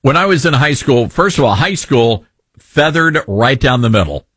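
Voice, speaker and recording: A man in his fifties hosting talk radio, his pitch swinging widely as he rambles and jokes. His voice is slightly husky, and the close recording is dry with no room sound. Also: normal speed, dry recording. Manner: animated, rambling, jokey. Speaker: radio host.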